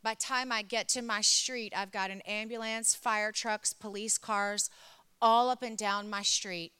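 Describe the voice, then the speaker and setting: Bright, clear woman telling a testimony. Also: medium pitch, fairly even intonation, unhurried. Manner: emotional storytelling, builds to impassioned emphasis. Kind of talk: sermon testimony.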